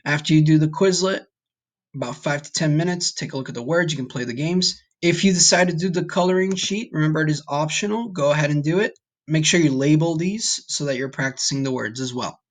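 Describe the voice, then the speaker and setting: A man's voice: a little high, a little fast. Male teacher, recorded online lesson, patient, encouraging, checks in often. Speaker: Spanish teacher.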